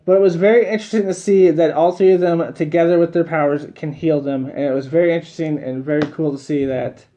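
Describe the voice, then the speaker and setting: A man's voice: fairly high pitch, fairly even intonation, fast talker, mellow, dull audio. A man giving a casual, rambling video review of a cartoon episode, repeating himself and chuckling between points.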